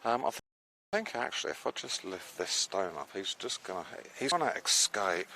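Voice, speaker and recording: Lively low-voiced man streaming outdoors. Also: normal speed, slight background noise. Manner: chatty, excitable, drops to hushed tones. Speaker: live streamer. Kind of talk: casual live-stream chat. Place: outdoors on a beach at low tide.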